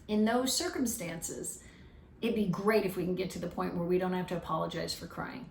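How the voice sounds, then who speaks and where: A woman's voice: fairly low pitch, steady tone, normal speed, vocal fry, a little mellow, slight background noise. A woman giving an earnest, reflective talk on feelings, sometimes restarting her phrases. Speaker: speaker on emotional wellbeing. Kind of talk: casual teaching talk. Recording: roomy, distant mic with faint ambience.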